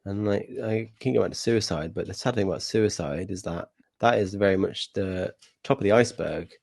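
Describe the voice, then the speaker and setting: A young man speaking as a podcast guest, reflective and measured, hedging his points in casual conversation. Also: deep voice, creaky, a little mellow, dry recording. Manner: reflective, measured, with many hedges.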